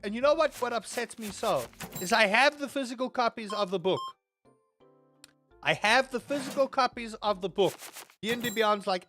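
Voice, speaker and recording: A man, chatting casually and rambling with animated grumbles while streaming a game. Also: extremely high pitch, normal speed, soft background music. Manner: rambling, animated, lots of restarts and grumbling asides. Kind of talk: casual live-stream chat while playing.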